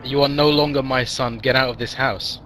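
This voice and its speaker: A man's voice: mid-range voice, fast, over music, close to an everyday voice, rough recording. Brief: curt cold father, voiced by a man.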